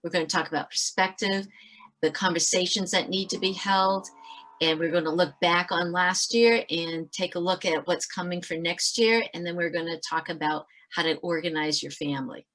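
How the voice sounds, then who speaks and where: A woman author giving a brisk webinar talk on parenting over a video call. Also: on the low side, fairly even intonation, fairly bright tone. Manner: brisk, talks fast to fit it all in. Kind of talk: webinar presentation.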